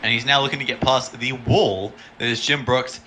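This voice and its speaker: Bright-voiced man doing color commentary. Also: medium pitch, a little hiss or hum. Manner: chatty, reacts with quick excited exclamations. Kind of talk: online sim racing color commentary.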